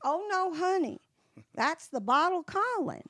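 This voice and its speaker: A woman in her seventies doing a cooing, knowing little old lady, raised high above her own speaking voice. The gentle "oh, honey" lines sound close and dry, with no room around them. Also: very animated, unhurried, no echo, heavily acted. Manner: soft, cooing, dismissive "oh, honey".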